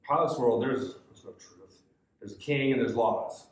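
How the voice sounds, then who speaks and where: A man's voice: mid-range voice, moderate pace. A man teaches a youth Bible study in a casual, conversational way. He reads verses aloud and then talks through them in a mid-range voice. The room adds a roomy echo. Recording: echoey room.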